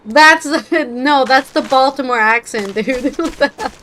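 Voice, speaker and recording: A woman's voice: high voice, unhurried, bright, forceful tone, slight background noise. A woman streaming a game, chatting casually, swearing and laughing freely. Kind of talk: casual live-stream commentary. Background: game music.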